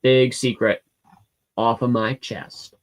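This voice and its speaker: A man's voice: mid-range voice, steady tone, takes it slowly. A man in his home hosts a live question-and-answer stream, reading out viewer comments. His voice sits in an ordinary middle range. He talks in a loose, rambling way, full of fillers and restarts. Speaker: livestream host answering chat questions. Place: home room with a cat.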